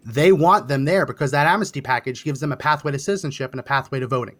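A man hosting a political podcast, presenting clips with a brisk, sardonic delivery. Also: mid-range voice, a bit bright. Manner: brisk, sardonic, directing the producer. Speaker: podcast host.

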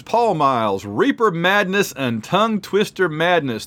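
A man's voice: fairly high pitch, very animated, a bit bright. A man hosting a casual sports podcast, reading out supporter names while eating spicy food. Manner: chatty, reads patron names aloud quickly. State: mouth full, eating hot peppers. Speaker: podcast host.

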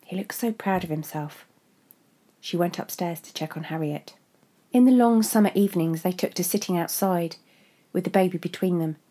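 A woman narrating a literary story in a measured, restrained way. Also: fairly low pitch, fairly even intonation, dark tone.

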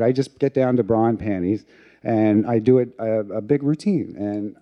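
A man's voice: lowish voice, normal speed, highs cut off. A middle-aged man telling a candid, self-mocking personal story to an audience.

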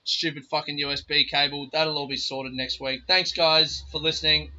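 A man's voice: a little high, flat delivery, moderate pace, bright, forceful tone. A man hosting a casual podcast, rambling, swearing freely and telling stories outdoors under a tree. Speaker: podcast host. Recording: dull lo-fi recording.

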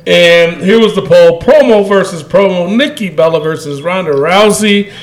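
A man's voice: high-pitched, moderate pace. A man co-hosting a podcast, casually chatting, laughing often and reading listener comments aloud. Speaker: podcast co-host.

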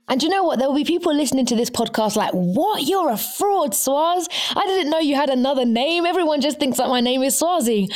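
A woman guest on a podcast, telling stories in a lively, laughing way. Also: medium pitch. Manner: animated storytelling, laughs often. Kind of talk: casual podcast chat.

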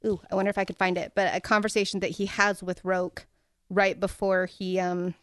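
A woman's voice: mid-range voice, flat delivery, brisk, smooth, no echo, studio quality. A woman co-hosting a casual book podcast, retelling scenes with a few fillers as she hunts for a passage. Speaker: podcast co-host.

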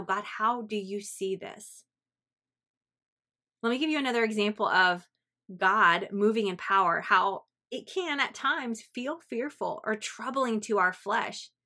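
A woman's voice: medium pitch, a bit bright. A woman hosting a devotional podcast, talking earnestly and encouragingly and asking her listeners reflective questions. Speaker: faith podcast host. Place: home in Central Florida.

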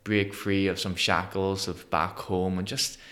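A man in his thirties from Northern Ireland with a Northern Irish accent, a podcast guest telling his story in an animated way and acting out the voices of people he quotes. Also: low voice, unhurried. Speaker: guest, motivational speaker. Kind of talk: conversational storytelling interview.

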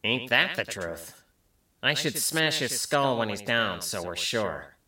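A man voicing a cold, ruthless armored mercenary who speaks slowly and callously. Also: medium pitch, expressive, pushed and bright, reverberant, far from the mic, heavily acted. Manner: slow, gravelly, callous.

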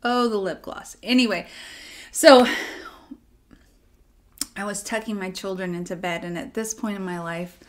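Brief: woman devotional speaker, chatty and personal, acts out her inner dialogue, softens to a near-whisper at tender moments. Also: medium pitch, steady tone, unhurried, long pauses.

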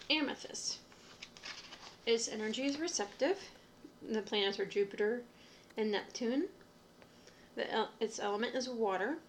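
Gravelly-voiced woman reading casually. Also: mid-range voice, a little hiss or hum. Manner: reads lists aloud with small stumbles and asides. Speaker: witchcraft podcaster. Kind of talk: casual reading from reference books.

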